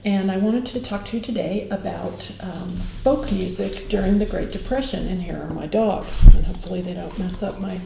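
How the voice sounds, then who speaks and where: A woman giving a casual video lecture from her home music room, relaxed and dotted with ums and uhs. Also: medium pitch, normal speed, creaky, few pauses. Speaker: teacher. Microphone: camera mic. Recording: roomy echo of a home room.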